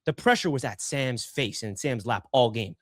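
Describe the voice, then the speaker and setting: A man's voice: mid-range voice, moderate pace, no echo, clean studio sound. A man on a sports panel arguing his football takes, mocking and pushy. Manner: argumentative, mocking, animated. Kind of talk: heated sports debate.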